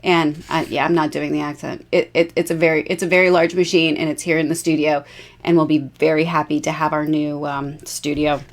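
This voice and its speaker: A woman's voice: low voice, level tone, brisk. A bubbly, chatty woman in her forties, hosting a casual jewelry live stream and laughing often.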